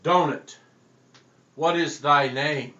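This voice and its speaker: A man's voice: a little high, steady tone, slow, sharp tone. A man voicing a zealous stranger hollering exorcism commands, in an echoey room with dull, lo-fi sound. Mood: solemn.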